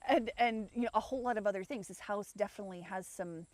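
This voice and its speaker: A woman livestreaming from a rock garden outdoors, her talk meandering and candid, sprinkled with curses. Her voice sits at a middle pitch. The sound is dry, with no room echo. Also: fast. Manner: meandering, frank, swears often. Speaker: livestream host. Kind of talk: rambling personal chat.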